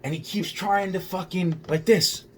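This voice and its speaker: A man's voice: high-pitched, fairly even intonation, a little slow, fairly bright tone, a little hiss or hum. A man telling a rambling first-person story, agitated and full of profanity, repeating himself as he goes. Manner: heavily profane, agitated, repetitive.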